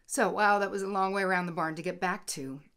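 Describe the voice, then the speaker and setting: A middle-aged woman hosting a talk show, telling a personal story in a candid, animated way and acting out both sides of an argument. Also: medium pitch, fast talker. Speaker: host. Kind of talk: casual storytelling monologue.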